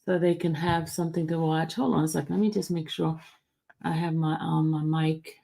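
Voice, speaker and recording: A woman's voice: sits low, level tone, normal speed, vocal fry, warm tone. A woman hosting a casual livestream, talking in a rambling way with many fillers and repeated words, into a close handheld mic. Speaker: channel host. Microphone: handheld mic held close.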